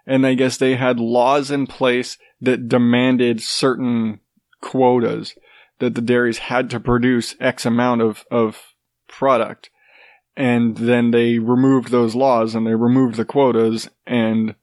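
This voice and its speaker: A man's voice: mid-range voice, level tone, measured pace, a little mellow, no room sound, clean studio sound. A man with a congested, stuffy nose, rambling sarcastically in a casual, profane chat. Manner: rambling, sarcastic, swears freely.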